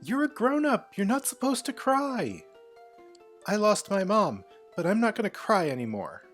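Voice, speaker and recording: A man voicing a young girl in a fantasy game, scolding in a shrill, high voice. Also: sing-song, moderate pace, soft background music. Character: young girl summoner, grieving but stubborn.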